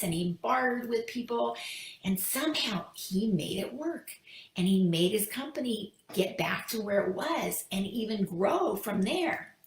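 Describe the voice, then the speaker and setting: A woman speaker tells a story in a casual, chatty way. Her voice has a gravelly, creaky texture. The recording sounds echoey and roomy. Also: medium pitch, a little slow. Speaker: speaker, teacher. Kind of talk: storytelling talk.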